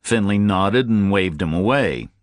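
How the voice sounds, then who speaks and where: A man's voice: lowish voice, expressive, unhurried, dry recording, studio quality. A man narrating a first-person audiobook in terse, clipped sentences.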